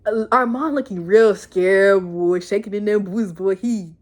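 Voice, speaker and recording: A woman casually recapping a TV episode in an animated, slangy, rambling way. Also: mid-range voice, measured pace. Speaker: show reviewer.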